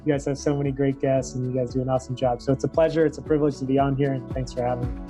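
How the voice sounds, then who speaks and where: A young adult man, a tennis coach, telling a story in a casual interview and acting out the dialogue with animated switches of voice. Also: mid-range voice, racing, music in the background, low-quality recording. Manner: animated, acts out quoted dialogue. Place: Los Angeles area.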